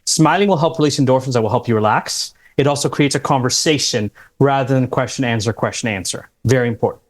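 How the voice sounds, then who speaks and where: A man's voice: mid-range voice, fast. Emphatic man giving interview advice. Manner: emphatic, instructive, quotes interview lines. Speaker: career coach guest. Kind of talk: advice-giving podcast talk.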